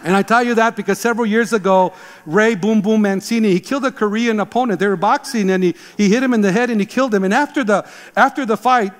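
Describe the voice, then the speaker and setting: Pastor, man in his 60s, emphatic sermon delivery, high voice, long hall reverb. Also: fast. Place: church sanctuary.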